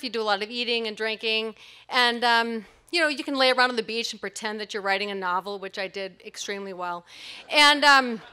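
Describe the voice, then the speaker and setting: A middle-aged woman tells a personal story before a live audience, her voice high and bright. She rambles cheerfully, pokes fun at herself, and leans on fillers like "um" and "you know.". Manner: chatty, self-mocking, many fillers like "um" and "you know".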